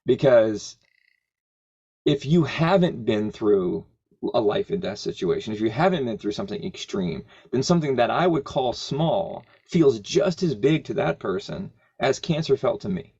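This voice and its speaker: Gravelly-voiced man telling his story. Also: medium pitch, expressive, mellow, muffled recording. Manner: earnest, thoughtful, pausing often with fillers. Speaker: podcast guest. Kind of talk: reflective personal storytelling.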